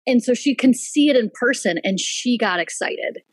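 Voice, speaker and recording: A woman, a henna artist and business owner, telling a story in casual chat, animated, laughing and swearing freely. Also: fairly high pitch, moderate pace, no room sound, low-quality recording. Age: adult with a child.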